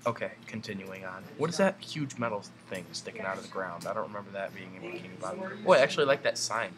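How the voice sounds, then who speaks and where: A young man gives goofy, fast-paced gameplay commentary, muttering asides before breaking into high, excited yells.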